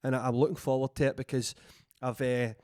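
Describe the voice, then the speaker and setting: A man's voice: mid-range voice, fairly even intonation, fairly quick, mellow, dry recording, studio quality. A young Scottish man, a stand-up comedian co-hosting a podcast, chatting in an easygoing, enthusiastic way. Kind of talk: casual chat.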